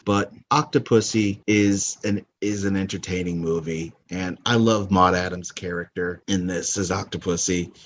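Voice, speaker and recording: A man's voice: low-pitched, fairly even intonation, moderate pace, few pauses, slight background noise. A man hosting a podcast, chatting frankly and casually about favorite movies, swearing now and then and laughing at his own jokes. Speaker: podcast host. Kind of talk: casual movie countdown commentary.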